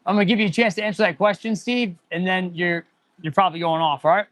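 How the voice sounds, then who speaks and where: A man's voice: sits high, steady tone, fast talker, a bit bright, no echo. A man in his forties, an auto mechanic hosting a casual livestream, rambling and answering viewer chat as he goes. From United States.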